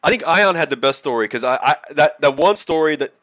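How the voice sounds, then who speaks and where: Brief: relaxed male sidekick co-host, a touch higher-pitched, chatty. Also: brisk, no echo. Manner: easygoing, backs up his friend with short agreements. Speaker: podcast co-host. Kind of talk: casual chat.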